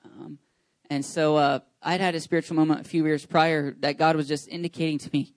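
Pastor, man, 30s, chatty and eager, slightly raised pitch, dry close sound. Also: fairly quick, dry recording. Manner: chatty, rambling with many fillers and restarts; enthusiastic, excitable. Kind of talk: casual church announcements. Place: church service.

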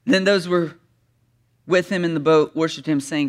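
A man's voice: on the high side, moderate pace. A man preaching a sermon, reading scripture dramatically and joking with the congregation. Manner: animated, reads scripture dramatically, then chats with humor. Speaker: pastor.

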